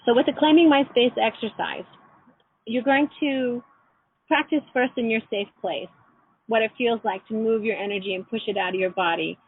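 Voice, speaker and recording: A middle-aged woman leading an online class, telling personal stories in a gentle, reflective way. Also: a little high, moderate pace, slightly rough. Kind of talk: teleclass lesson with personal stories. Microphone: phone or computer call. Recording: tinny phone line.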